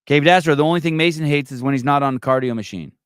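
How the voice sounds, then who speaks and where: A man's voice: a little high, very fast, smooth, dry recording, clean studio sound. Brash, profane male podcast host. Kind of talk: live call-in show chat.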